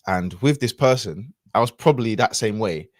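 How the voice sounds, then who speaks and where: A man's voice: lowish voice, expressive, moderate pace, no room sound, clean studio sound. A man, a podcast guest telling a personal story in a casual, reflective way with lots of fillers and restarts.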